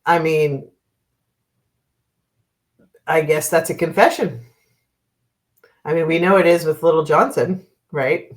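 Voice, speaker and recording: A woman's voice: sits low, steady tone, slow, pauses often. A middle-aged woman from Oregon, a card and dowsing reader, chatting casually on a livestream in a rambling way and laughing often. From Oregon, US West Coast.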